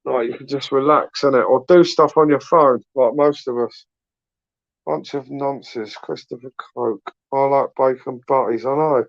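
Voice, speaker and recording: A male YouTube channel host with a British English accent rambles through a late-night live stream, slangy and freely swearing, often ending sentences with tag questions. His medium-pitched voice is fairly even in intonation and moderately paced. The recording is dry, with highs cut off.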